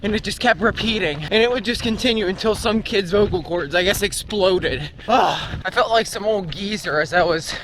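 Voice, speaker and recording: Out running on the roads, a young man talks casually into a handheld camera for a marathon-training vlog, with wind and traffic faintly audible around him. He speaks at a normal speed with hardly any pauses, in a high, slightly bright voice.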